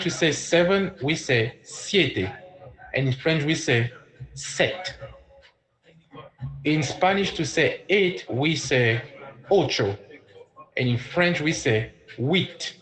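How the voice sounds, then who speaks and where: A man's voice: on the high side, fairly bright tone, poor audio. A man teaching French numbers live on a stream, patiently spelling words out letter by letter and calling on viewers by name. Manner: calls out viewers by name, coaxing. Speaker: online French tutor, livestream host. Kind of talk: casual livestream lesson.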